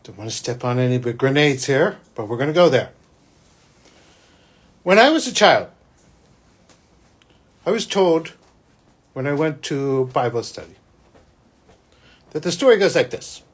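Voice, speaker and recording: A man, a psychic hosting his own show, telling a personal story in a rambling, restarting way that swings between loud and hushed. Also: medium pitch, lively intonation, moderate pace, pauses often. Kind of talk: spiritual podcast monologue, personal storytelling.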